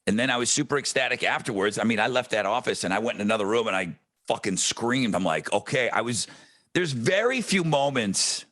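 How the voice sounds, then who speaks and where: A fairly quick, medium-pitched male voice comes from a podcast co-host and radio host. He's an animated storyteller in casual conversation, with plenty of swearing.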